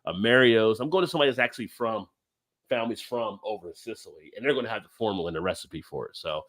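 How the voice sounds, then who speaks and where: A middle-aged man from New Jersey co-hosting a casual livestream, reading comments and ranting with big jumps in pitch. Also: fast. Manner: animated, jumps high in pitch when ranting. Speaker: livestream co-host.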